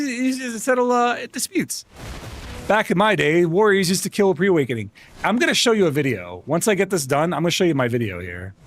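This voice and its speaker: A man's voice: medium pitch, a little hiss or hum. A man streaming games, chatting casually with his viewers, rambling and laughing often. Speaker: gaming streamer. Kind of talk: casual livestream chat.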